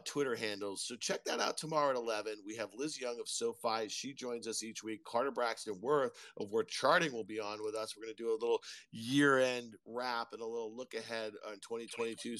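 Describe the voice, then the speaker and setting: A man co-hosting a markets podcast, chatting casually in an excitable, rambling way. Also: mid-range voice, no room sound. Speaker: podcast co-host.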